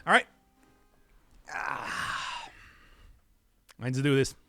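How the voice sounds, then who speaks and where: Lively chatty male game streamer. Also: medium pitch, extremely slow, no room sound, soft background music. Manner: rambling, chatty, laughs often. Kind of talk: live gameplay commentary.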